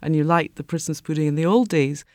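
A woman's voice: deep voice, fast talker, a little mellow, no echo, clean studio sound. An older woman chatting as a radio interview guest. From Scotland.

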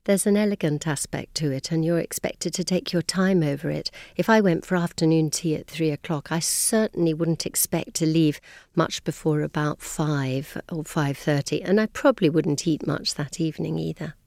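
A middle-aged woman with an English accent talks in a chatty, explanatory way, her voice sitting low. The sound is dry and close, with no room around it. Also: moderate pace, gravelly, dry recording. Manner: chatty, explanatory, gently amused. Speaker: London tour guide. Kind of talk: radio interview.

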